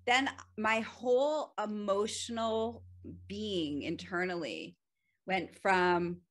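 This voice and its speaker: A woman's voice: mid-range voice, slow pace. A woman hosting a podcast, telling an everyday story in a casual, chatty way with frequent laughter and fillers. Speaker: podcast host. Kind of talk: casual solo podcast talk.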